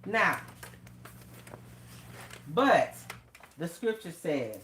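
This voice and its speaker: An older woman teaches scripture on a home livestream, leaning hard on key words. Her delivery is slow and deliberate, with a lively, swooping pitch. The noisy home recording carries a steady background hiss. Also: reverberant. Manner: emphatic preaching, greets chat viewers by name. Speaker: host of a faith and finance livestream.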